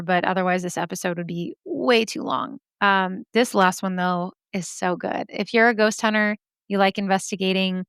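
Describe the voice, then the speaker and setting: A woman hosting a podcast, reading out listener stories and chatting about them in a lively way with frequent laughs. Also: mid-range voice, clean tone, dry recording, clean studio sound. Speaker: podcast host.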